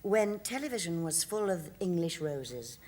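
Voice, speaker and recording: Husky 60s lady chatting on a tv show, lowish voice, swoops up and down a lot. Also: very animated, unhurried, a little mellow. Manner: chatty anecdotal storyteller, laughing often. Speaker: actress, talk show guest. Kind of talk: casual chat. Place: TV studio.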